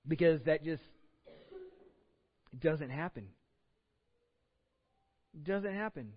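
A man's voice: fairly high pitch, slow, long pauses. A man preaching a sermon as a pastor, conversational and self-deprecating, acting out quotes as he goes. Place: church sanctuary. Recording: dull sound with long hall reverb.

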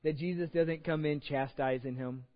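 Speaking at a normal speed in a steady, somewhat high voice, a male pastor gives a chatty, self-mocking sermon and acts out the quotes along the way. It was captured in a church sanctuary, and the audio is dull with lengthy hall reverb.

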